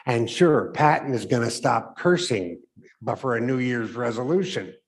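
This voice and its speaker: A man's voice: medium pitch, expressive, moderate pace, natural voice. A man voicing a skeptical young male army medic with dry, sarcastic remarks. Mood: wry.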